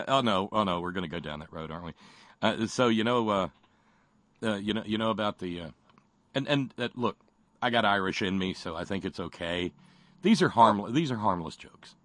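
A man hosting a casual call-in talk show, speaking haltingly with many restarts and pauses. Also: lowish voice, expressive, a bit bright, no echo. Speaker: radio talk host.

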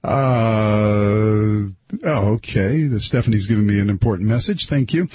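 A man's voice: on the low side, unhurried, husky, dry recording. A man hosting a talk radio show, rambling casually with many restarts and fillers. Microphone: studio microphone. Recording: slightly dull broadcast sound.

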